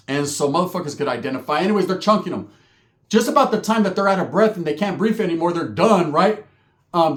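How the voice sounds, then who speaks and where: Acting out quotes as he goes, a middle-aged man spins a casual story in street slang, swearing plenty and habitually tacking on "right?". His fairly high voice sounds roomy.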